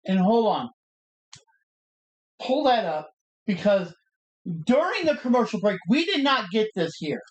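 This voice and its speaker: A woman co-hosting a live review stream, eagerly telling what happened in quick casual chat. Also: mid-range voice, sing-song, roomy sound, rough recording. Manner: eager, quick storytelling with many "like"s. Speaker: co-host of a wrestling review stream.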